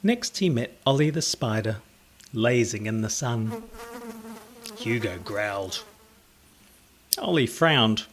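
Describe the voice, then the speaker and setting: A man reading a children's picture book aloud in an expressive, theatrical way. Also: mid-range voice, takes it slowly, long pauses, slight background noise. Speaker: storyteller.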